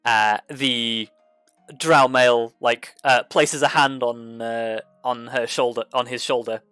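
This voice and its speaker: A man narrating as game master of a tabletop game, halting and full of fillers. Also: mid-range voice, steady tone, fairly bright tone, clean tone, no echo, soft background music.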